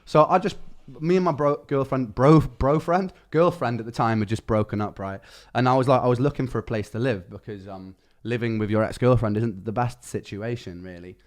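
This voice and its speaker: Fast-talking man telling a story. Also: medium pitch. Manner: fast, chatty, swears freely, slangy. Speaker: streamer. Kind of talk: casual storytelling chat.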